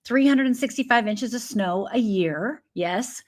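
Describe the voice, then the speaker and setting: A woman's voice: a little high, measured pace. A woman from Upper Michigan, a guest life coach, telling her personal story in an interview and acting out the voices of people in it. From Upper Michigan, USA. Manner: vivid storyteller who acts out quoted voices.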